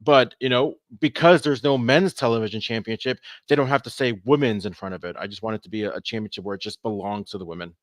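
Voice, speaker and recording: A man co-hosting a podcast in casual chat, talking in an animated, rambling way and often stammering over his words. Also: on the low side, fast talker, few pauses, no room sound, clean studio sound. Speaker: podcast co-host.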